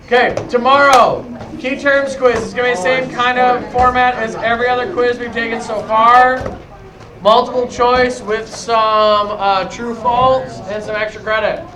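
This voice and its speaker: A man's voice: very high-pitched, level tone, normal speed, distant mic, crowd noise. Man teaching history in an echoey classroom. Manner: storytelling, with restarts. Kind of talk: classroom lecture. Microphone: far camera.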